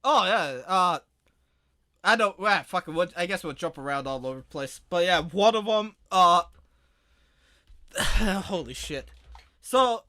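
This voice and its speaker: A man co-hosting a podcast in casual chat, joking crudely and often breaking into loud mock-shouted impressions. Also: high-pitched. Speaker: podcast co-host.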